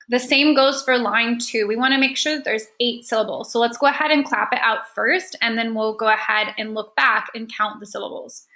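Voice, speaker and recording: Bright, upbeat woman teaching children. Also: on the high side, poor audio. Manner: encouraging, checks in with students; counts and claps out syllables. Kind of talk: online lesson for children.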